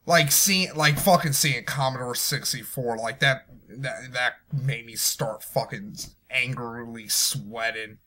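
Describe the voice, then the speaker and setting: A young man reviewing a movie in an angry, profane rant, swinging from low muttering to shouted outbursts. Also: slow, hardly any pauses.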